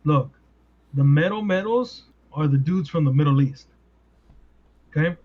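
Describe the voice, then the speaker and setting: A man hosting a podcast in casual chat, animated and full of rhetorical questions. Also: fairly high pitch, unhurried. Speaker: podcast host. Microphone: podcast mic. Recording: dull lo-fi sound.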